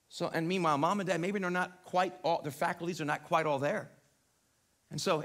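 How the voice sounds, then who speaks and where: A man preaching a live sermon in a church, animated and conversational, often checking in with his listeners. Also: fairly high pitch, a little fast. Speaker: pastor. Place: church sanctuary, live broadcast.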